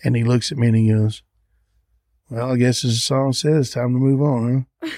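Man telling a lively story. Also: mid-range voice, moderate pace, no echo, studio quality. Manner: animated anecdote-telling, acting out quoted voices. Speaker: songwriter guest. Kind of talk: storytelling in a podcast interview.

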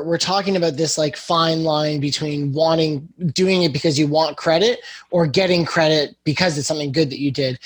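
A man's voice: fairly high pitch, slightly rough, no echo. A man from Canada co-hosting a podcast, chatting casually and joking about himself, often restarting his sentences. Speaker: podcast co-host.

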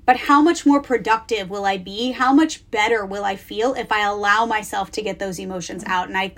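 A woman in her thirties hosting a podcast, talking casually from a closet at home in a chatty, animated way with lots of fillers. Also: medium pitch. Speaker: podcast host. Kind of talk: casual solo podcast talk.

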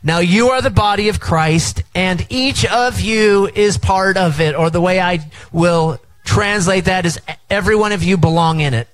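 A middle-aged pastor with a high voice preaches a sermon at an outdoor tent service. He engages the crowd with call-and-response, telling them to turn to each other and repeat his words. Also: moderate pace, few pauses, low-quality recording.

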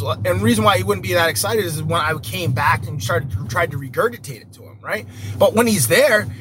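A man's voice: high voice, noisy background. A man hosting a podcast, talking animatedly in a casual, rambling way, full of fillers and rhetorical "right?" checks. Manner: animated, repetitive, lots of "like" and "right?". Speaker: podcast host. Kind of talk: casual solo podcast talk.

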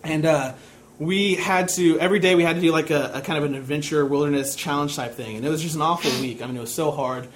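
A man's voice: fairly high pitch, quick pace. Casual young man preaching. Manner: casual storytelling, self-deprecating. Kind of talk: sermon with personal story.

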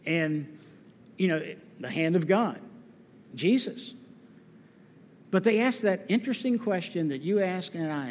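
A man preaching a sermon as pastor, earnest and deliberate, driving his points home with repetition. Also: sits high, animated, a little mellow, slight background noise. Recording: long reverb of a church hall.

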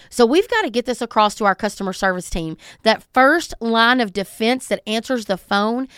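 A middle-aged woman from the Southern United States hosts a solo podcast, talking in a conversational, emphatic way and acting out callers. Her voice is a little high, with a clear, resonant tone. The recording is clean studio sound with no echo.

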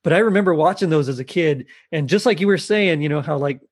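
A man's voice: a little high, fast, breathy edge, no echo. A man in a casual podcast chat, rambling with many fillers and restarts.

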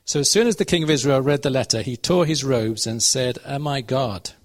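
A man gives a sermon in a relaxed, conversational way, retelling a Bible story and pausing to check in with his listeners. His pitch sits at an ordinary middle level. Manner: conversational, asks the audience questions. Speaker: preacher.

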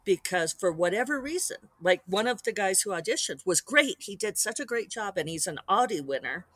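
Woman host, solo podcast monologue, chatty and digressive, close and dry, mid pitch. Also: expressive, fairly bright tone, slightly rough, dry recording. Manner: chatty and digressive, with quick quoted asides.

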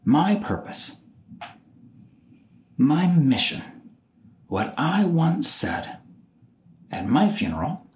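A man's voice: on the high side, sing-song, drawn-out words, pauses often, darkish tone, slight background noise. A man hosting his own solo podcast, talking casually and animatedly, often acting out what other people say. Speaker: podcast host. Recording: roomy echo.

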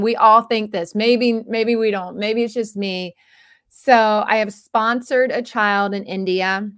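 A woman's voice: medium pitch, a bit bright, no echo, clean studio sound. Rambling self-deprecating woman in her forties. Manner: rambling and self-deprecating, with many restarts and fillers. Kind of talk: casual personal monologue.

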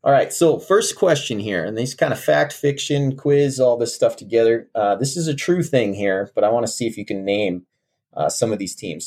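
Mid-range, a little mellow and slightly rough, this man's voice carries his enthusiastic, chatty take on college football. He's a sports podcast co-host and segment host who laughs a lot.

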